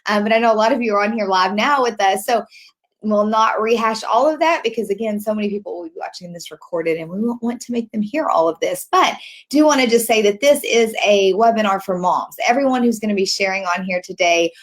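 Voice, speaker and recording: This is a woman hosting a livestreamed webinar over a video call, warm in her words and gushing with praise. Her voice sits at a middling pitch for a woman. She talks in an easygoing, chatty way. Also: brisk. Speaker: host of a webinar for moms.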